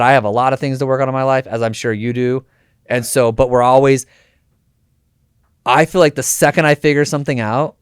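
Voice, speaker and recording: A man's voice: medium pitch, smooth, dry recording, clean studio sound. A man hosting a podcast interview, talking casually and energetically, slipping in slang and acted-out quotes. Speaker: podcast host.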